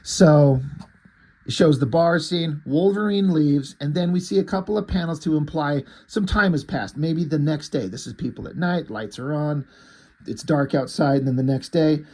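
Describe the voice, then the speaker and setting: Husky guy rambling thru a comic review, swears a lot, kinda high voice. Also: normal speed, dark tone. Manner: rambling, profane, enthusiastic.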